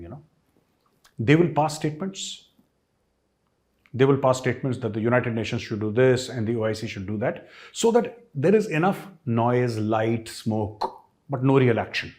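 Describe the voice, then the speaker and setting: A man's voice: mid-range voice, expressive, normal speed, darkish tone. A man with an Indian English accent giving an emphatic, sarcastic political commentary as a host, full of rhetorical questions. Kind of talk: opinion commentary.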